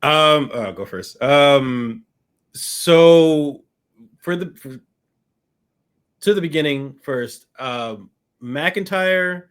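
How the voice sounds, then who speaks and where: A man's voice: fairly high pitch, animated, drawn-out words, pauses often, fairly bright tone, clear, resonant tone. A man giving his opinion on a casual talk panel, hesitant and full of ums. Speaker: panel guest. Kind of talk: casual chat.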